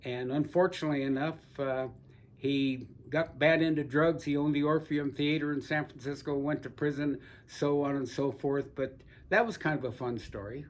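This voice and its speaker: Older man, oral history interviewee, slightly high pitch, folksy rambling storyteller. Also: fairly even intonation, moderate pace, a little hiss or hum. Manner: rambling, folksy anecdotes with frequent restarts. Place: seated indoors in a barber chair.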